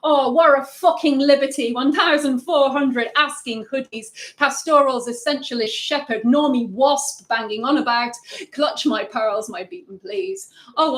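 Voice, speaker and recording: A woman's voice: fairly high pitch, moderate pace, reverberant. A woman poet giving a rhythmic, wry poetry reading with sudden emphatic bursts, streamed live. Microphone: livestream.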